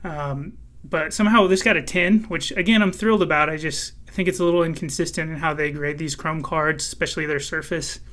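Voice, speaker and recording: A man hosting his own collecting channel, chatting casually with many fillers, a little hoarse and clearing his throat. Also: a little high, brisk, fairly bright tone. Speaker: card collecting channel host. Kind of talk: casual vlog commentary.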